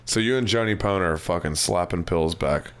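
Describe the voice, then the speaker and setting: A man's voice: deep voice, fairly quick. A man from the Washington DC area, a podcast co-host trading teasing wisecracks in casual chat.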